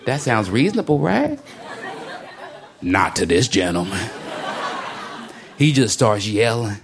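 A man doing a stand-up comedy set, telling his story in a laid-back way with sudden high-pitched outbursts. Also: big pitch swings, slow, long pauses. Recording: live comedy club with crowd laughter and noise.

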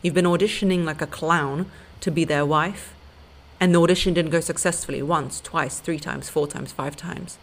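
A woman's voice: low-pitched, fairly even intonation, normal speed. A woman hosting a podcast, giving blunt, emphatic relationship advice straight to her listeners. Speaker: podcast host and dating coach.

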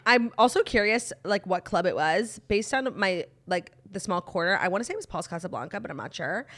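A woman's voice: medium pitch, brisk. A young woman co-hosting a casual chat podcast, telling stories animatedly and acting out quotes with laughter. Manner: animated storytelling, acts out quotes loudly, laughs often. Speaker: podcast co-host.

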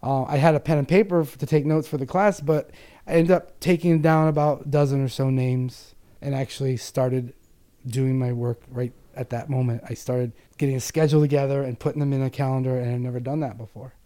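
Earnest man with a mellow voice. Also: mid-range voice, a little fast. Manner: earnest, lively storyteller who acts out the voices in his stories. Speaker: psychic medium, interview guest. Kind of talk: personal storytelling in an interview.

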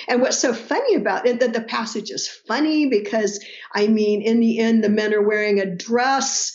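A woman scholar answering interview questions in a lively, animated way, often laughing and quoting others. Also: on the high side, moderate pace, muffled recording. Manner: animated, laughing, quotes voices while explaining. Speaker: New Testament scholar guest. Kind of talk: podcast interview.

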